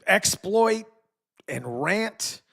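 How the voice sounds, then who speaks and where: A man's voice: sits high, lively intonation, extremely slow, gravelly, a bit bright. A man hosting a live stream, casually commenting and mocking with frequent chuckles. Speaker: streamer host.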